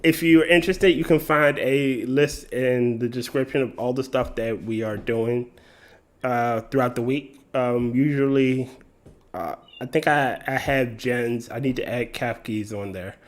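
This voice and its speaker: A man's voice: medium pitch, measured pace. A man hosting a casual group chat show, rambling with plenty of fillers and restarts. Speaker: podcast host.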